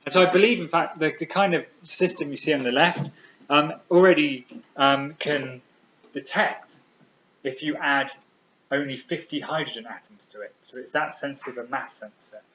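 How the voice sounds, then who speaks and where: A man's voice: fairly high pitch, moderate pace, a bit bright, a little hiss or hum. British guy giving a science lecture, lots of ums, echoey hall, kinda dull sound. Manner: enthusiastic, many ums and restarts. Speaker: physics lecturer. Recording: roomy, slightly dull lecture recording.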